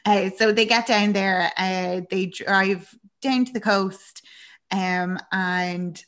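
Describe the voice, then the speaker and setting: A woman's voice: mid-range voice, slow pace. Chatty woman recapping a film. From Ireland. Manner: chatty and animated, laughing often, acting out characters' lines. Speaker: podcast co-host. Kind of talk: casual chat recapping a film.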